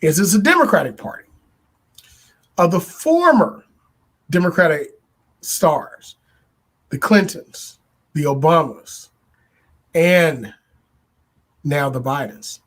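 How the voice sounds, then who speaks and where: High-voiced man musing on politics. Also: big pitch swings, a bit bright. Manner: deliberate, builds points with repetition and rhetorical questions. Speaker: podcast host. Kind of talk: political commentary monologue.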